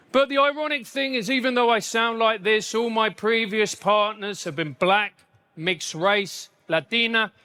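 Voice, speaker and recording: English stand-up comic, high and bright, punchy self-mockery. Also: male voice, clear, resonant tone. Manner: punchy, self-mocking delivery with quick asides. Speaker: stand-up comedian. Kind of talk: live stand-up comedy.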